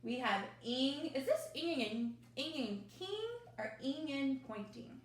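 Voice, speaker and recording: Slow, high-voiced woman teacher. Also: animated. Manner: slow, drawn-out phonics drills with cheerful asides. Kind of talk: phonics lesson for young children. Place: home, at her mother's desk. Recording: echoey room.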